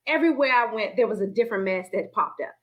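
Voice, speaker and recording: A woman's voice: on the high side, quick pace, rough recording. A woman sharing a personal faith testimony in conversation, acting out her own inner voices as she tells it. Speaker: guest sharing her story.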